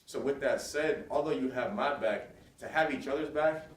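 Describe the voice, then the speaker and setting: A man's voice: mid-range voice, moderate pace. Male motivational speaker, fired-up call-and-response delivery, caught from afar in an echoey school hall. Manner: energetic call-and-response, hyping up the crowd. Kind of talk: motivational school assembly speech. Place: large school hall with a student audience. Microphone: recorded from a distance. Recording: echoey hall, distant mic, faint noise.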